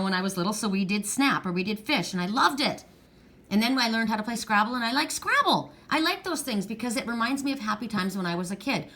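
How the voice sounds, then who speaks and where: A woman's voice: medium pitch, pushed and bright. A middle-aged woman giving a heartfelt, rambling pick-a-card reading, tearful at times. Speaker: tarot card reader.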